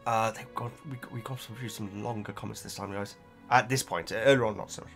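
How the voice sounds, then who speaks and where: A man's voice: on the low side, fairly even intonation, a little fast, gravelly, a bit bright, husky, soft background music. A British man reading and answering viewer comments in a casual chat, talking hesitantly with many stumbling restarts.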